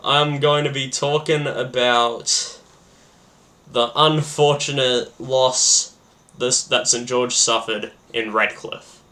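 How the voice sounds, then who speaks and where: Male podcast host, bright tone, rambling and excitable, heavy on fillers. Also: medium pitch, slow pace. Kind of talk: casual solo podcast chat.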